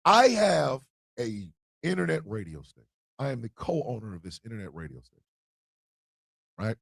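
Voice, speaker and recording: Fiery, gravelly-voiced man ranting. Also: medium pitch, big pitch swings, normal speed, pauses often, no echo, studio quality. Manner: fiery, emphatic, preaching. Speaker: internet radio co-owner and host. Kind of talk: impassioned livestream monologue.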